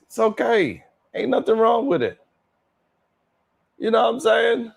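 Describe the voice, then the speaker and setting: A man's voice: very high-pitched, big pitch swings, a little slow, gravelly, breathy edge. A man hosting a casual livestream, chatting and reacting to viewers with laughs, sighs and slang. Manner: laid-back, laughing, sighing, drawling slang. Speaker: livestream host. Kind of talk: casual livestream chat reading super chats.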